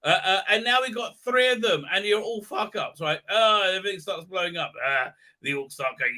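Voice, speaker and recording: A man hosting a live stream rants in a sarcastic, crude way and keeps stalling with filler sounds. His voice sits a little high and sounds very bright and tense. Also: animated, moderate pace, few pauses. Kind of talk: ranting pop-culture commentary.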